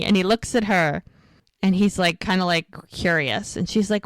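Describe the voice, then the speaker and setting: A woman's voice: medium pitch, smooth, dry recording. Chatty woman recapping a show, dry sound. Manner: chatty, quotes characters in quick lively bursts. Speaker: podcast co-host recapping episodes. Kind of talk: casual chat, retelling TV scenes.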